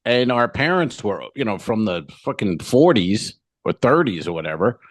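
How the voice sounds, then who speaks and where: A man's voice: on the low side, sing-song, moderate pace, no echo. A middle-aged man co-hosting a comedy podcast, casually telling a profane story and acting out both sides of the dialogue. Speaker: podcast co-host.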